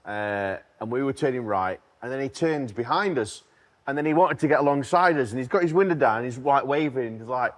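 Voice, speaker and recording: Easygoing technician, lively voice. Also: male voice, medium pitch, fairly quick. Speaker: master technician guest. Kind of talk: casual storytelling.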